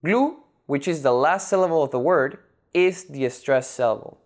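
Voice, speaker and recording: A language teacher giving a scripted lesson narration, measured and methodical, breaking words into syllables. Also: mid-range voice.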